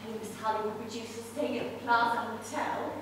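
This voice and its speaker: A woman's voice: fairly high pitch, flat delivery, fairly quick, noisy background, lightly acted. An amateur actress playing a nervous, flustered married mother who stammers, in a live stage play recorded from far off in a hall. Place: theatre stage.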